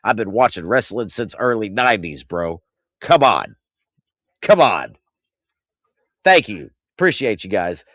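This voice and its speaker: A man's voice: a little slow, pauses often, dry recording, clean studio sound. A man in his thirties hosting a casual wrestling recap, ranting with exasperated, profane energy. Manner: animated ranting, swings loud and high when outraged. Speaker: podcast host.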